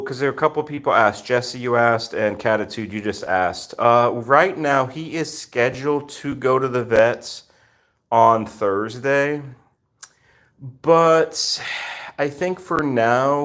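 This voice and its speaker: A man's voice: medium pitch, a bit bright. Chatty man hosting a cat live stream. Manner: chatty, greets viewers by name, many fillers. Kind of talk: casual live stream chat.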